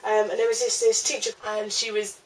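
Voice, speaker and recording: A woman's voice: medium pitch, flat delivery, brisk. Chatty young woman, a bit distant. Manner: chatty, rambling, with frequent fillers and laughs. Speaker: vlogger telling a story. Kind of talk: casual storytime.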